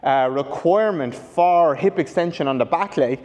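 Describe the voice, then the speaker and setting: A man's voice: fairly high pitch, moderate pace, darkish tone. Man coaching an exercise in an echoey room. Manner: explanatory, restarts and corrects himself. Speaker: rehab coach. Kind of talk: instructional demonstration. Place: training room with a whiteboard. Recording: long reverb in a large room.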